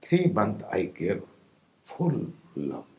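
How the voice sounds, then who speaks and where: A man with an Indian accent giving a slow, pausing spiritual discourse to meditators, often asking his listeners if they follow. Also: fairly low pitch, huge pitch swings, mellow, low-quality recording. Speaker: spiritual teacher.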